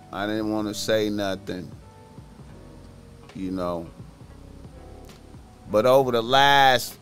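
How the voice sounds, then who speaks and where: Laid-back male podcaster, slow and swaggering, cursing freely, bragging about himself. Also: lowish voice, a bit bright. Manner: slow, profane, boastful, calls himself by nickname in third person. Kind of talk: casual solo podcast monologue.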